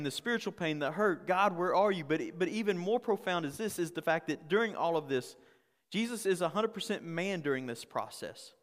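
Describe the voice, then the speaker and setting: A man's voice: on the high side, long reverb tail. A male pastor preaching a conversational sermon, often repeating words and asking the congregation questions.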